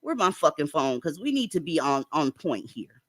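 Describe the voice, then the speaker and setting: A woman's voice: low voice, big pitch swings, moderate pace, no echo, clean studio sound. A woman hosting a profane reaction commentary, talking bluntly and swearing freely as she goes through clips. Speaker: commentary host.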